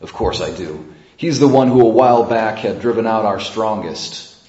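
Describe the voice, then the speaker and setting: A man's voice: fairly low pitch, normal speed, dark tone, roomy sound, lo-fi sound, natural voice. A man voicing a demon speaking through a possessed boy, with a harsh, mocking tone.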